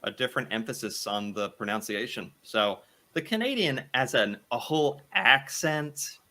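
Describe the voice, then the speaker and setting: Animated, bright-voiced American man. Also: mid-range voice, normal speed. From United States. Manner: animated, laughs often, thinks aloud. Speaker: video reactor. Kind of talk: casual reaction commentary.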